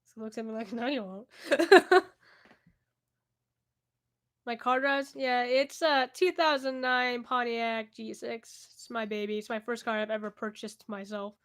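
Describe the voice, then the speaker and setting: A woman's voice: a little high, steady tone, normal speed, fairly bright tone. A young woman answering viewer questions in a casual vlog at home, candid and chatty, often laughing and trailing off. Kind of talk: casual Q&A chat to camera. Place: indoors at home, cat nearby.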